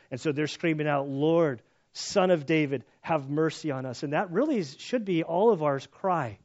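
A man's voice: fairly high pitch, a little mellow, dull audio. A man teaching through a Bible passage in a casual, conversational way, acting out voices in the story as he goes. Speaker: pastor.

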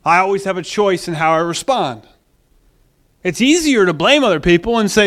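A man's voice: high-pitched, normal speed, a bit bright. A man pastor preaching a sermon, emphatic, acting out quoted voices and repeating phrases for stress.

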